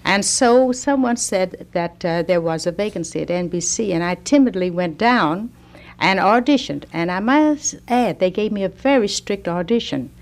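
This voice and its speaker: An older woman with a Southern American accent, speaking as a radio interview guest. She tells her stories gently, with a dry, understated wit. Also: mid-range voice, animated, moderate pace. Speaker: guest organist.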